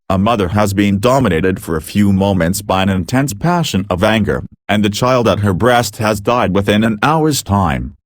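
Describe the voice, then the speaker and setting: Low-voiced man reading a book. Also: no room sound, studio quality. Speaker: audiobook reader. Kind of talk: scripted narration.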